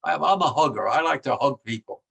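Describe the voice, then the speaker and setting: A man's voice: mid-range voice, expressive, a little fast, gravelly, fairly bright tone, husky, poor audio. A man in his nineties, a war veteran being interviewed, who talks in a rambling, emphatic way with many restarts and grows emotional. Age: 90s. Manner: gets emotional about his subject. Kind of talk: conversational interview.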